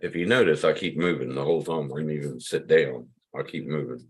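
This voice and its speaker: A man's voice: extremely low pitch, fairly quick, breathy edge. A man in his fifties from Pennsylvania, hosting a loose livestream chat, rambling and swearing freely. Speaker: livestream host.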